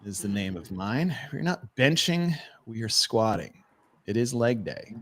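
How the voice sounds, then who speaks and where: A man hosting a casual podcast chat, animated and quick to laugh and swear. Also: lowish voice, a little hiss or hum. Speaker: podcast host.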